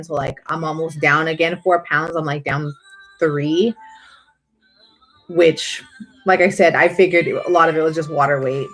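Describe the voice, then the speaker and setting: A woman's voice: lowish voice, a bit bright. A woman in her thirties chatting casually to viewers on a live stream, rambling with lots of fillers.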